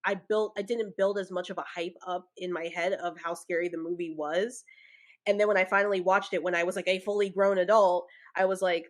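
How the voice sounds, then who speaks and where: A woman's voice: lowish voice, steady tone, fairly quick. A young woman co-hosting a podcast, chatting casually and rambling with lots of filler words. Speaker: podcast co-host. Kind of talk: casual chat.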